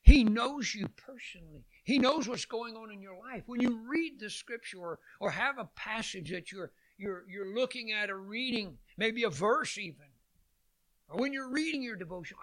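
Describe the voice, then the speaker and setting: A man preaching a sermon, swinging from loud calls to hushed lines and repeating phrases for emphasis. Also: high-pitched.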